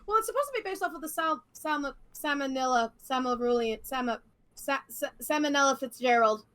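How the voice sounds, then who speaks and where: A woman chatting casually on a talk show, playful with quick asides. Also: sits high, a bit bright. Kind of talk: casual chat.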